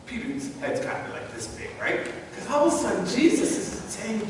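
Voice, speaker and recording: A male pastor preaching a sermon in a church, telling the story in a conversational, animated way with rhetorical questions to the congregation. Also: sits high, moderate pace, hardly any pauses, background noise. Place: church sanctuary. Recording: echoey hall, voice from far off.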